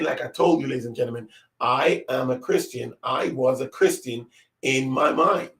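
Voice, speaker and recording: A man's voice: medium pitch, gravelly, fairly bright tone. A middle-aged man giving his personal testimony in an earnest, emphatic way, repeating phrases for weight. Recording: echoey room, distant mic.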